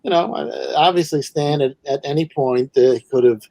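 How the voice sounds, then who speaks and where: A man speaking as a guest in a casual interview chat, thoughtful and halting, with many fillers. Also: a little high, darkish tone, no room sound, poor audio. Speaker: guest, comics writer and editor.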